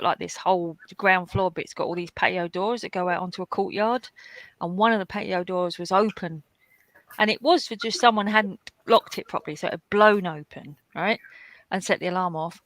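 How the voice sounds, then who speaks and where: A woman's voice: fairly low pitch, a bit bright, no echo, rough recording. A woman hosting a live colouring stream, telling chatty anecdotes in casual talk. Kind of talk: casual chat.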